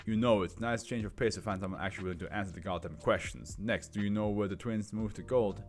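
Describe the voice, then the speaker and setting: A man's voice: fairly low pitch, soft background music, lightly acted. A man doing a probing police interrogator. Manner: measured, probing questions. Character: persistent male police interrogator.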